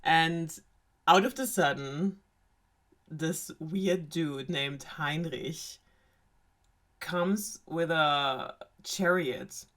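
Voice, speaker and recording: A woman's voice: sits low, very slow, long pauses, a bit bright. A young woman from Germany, casually retelling a fairy tale with sarcasm, swearing and frequent laughs. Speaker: storyteller host.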